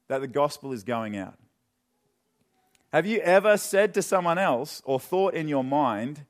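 A young man preaching a sermon in a church, chatty and joking, then dropping into quiet, earnest questions. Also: on the high side, lively intonation, normal speed. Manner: conversational and joking, with sudden drops to quiet earnestness. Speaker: pastor. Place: church hall.

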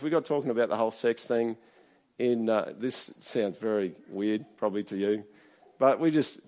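A man's voice: medium pitch, a little mellow. A middle-aged man preaching a conversational sermon, often checking in with his listeners. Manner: chatty, keeps checking in with the congregation. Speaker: pastor.

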